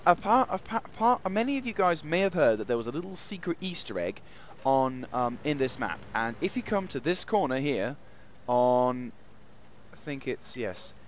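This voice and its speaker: A man's voice: medium pitch, big pitch swings, normal speed, a little hiss or hum. A man hosting casual gameplay commentary, rambling and playful, often laughing. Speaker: gaming channel host.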